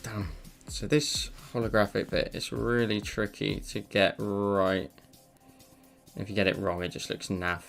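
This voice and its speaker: A man's voice: on the low side, flat delivery, unhurried, vocal fry, faint music behind. A man chatting casually on a live stream while he draws, rambling with self-deprecating asides into a desk mic. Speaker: live-streaming digital artist.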